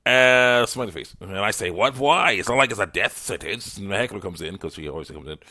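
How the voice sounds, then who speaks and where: Male host, lowish pitch, forceful tone; casual rambling commentary, frequent chuckles. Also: fast. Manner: chuckling often, filler-heavy, rambling. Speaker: online ministry host. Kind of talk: casual commentary reading chat messages.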